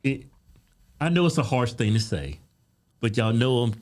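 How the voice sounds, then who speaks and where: A man's voice: medium pitch, sing-song, moderate pace, a little mellow. A man co-hosting a comedic political talk show, rambling and fumbling his words. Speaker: co-host.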